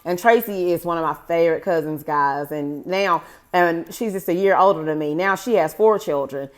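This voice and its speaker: At a normal speed and in a lowish voice, a vlogger in her forties recounts something personal to camera. Her delivery is casual and digressive, and "guys" comes up often.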